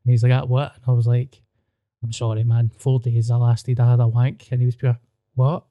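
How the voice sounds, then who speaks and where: A man's voice: mid-range voice, a little fast, no echo, dull audio. A Scottish man hosting a podcast, telling crude stories in casual chat with lots of laughter. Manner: crude, animated storytelling with frequent laughter. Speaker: podcast host.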